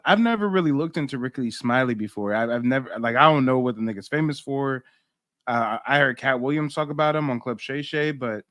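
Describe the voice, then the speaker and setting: A man's voice: medium pitch, fairly bright tone, dry recording, studio quality. A man hosting a reaction commentary, talking in a sarcastic, mocking way. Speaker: commentary channel host.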